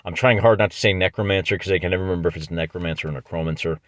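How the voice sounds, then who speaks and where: A man's voice: low-pitched, steady tone, rapid-fire, fairly bright tone, no echo. Midwestern guy doing play-by-play on his tabletop wargame, jokey, dry close sound. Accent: Midwestern American. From American Midwest. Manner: chatty, jokey, often restarts mid-phrase. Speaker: wargamer narrating a solo tabletop battle. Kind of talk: casual play-by-play narration of a tabletop game.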